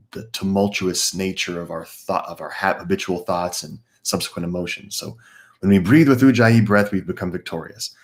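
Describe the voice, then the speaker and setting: A man with a low-pitched voice teaches a live guided meditation class, calmly explaining breathing techniques and greeting viewers by name.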